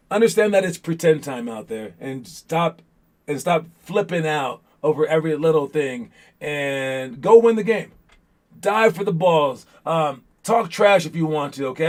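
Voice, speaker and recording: A man's voice: a little high, a little mellow. A young man coaching young basketball players in a casual, rambling motivational talk full of fillers and restarts.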